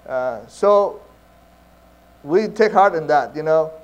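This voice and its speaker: A man's voice: fairly high pitch, animated, slow, highs cut off. A man preaching a sermon in an earnest, conversational way, with many fillers and restarts. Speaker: pastor.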